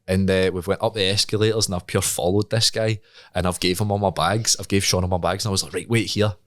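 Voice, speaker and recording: Low-voiced and quick, this young Scot is telling a story on the podcast he co-hosts. He laughs and stays animated throughout the casual chat, performing the voices of each person involved.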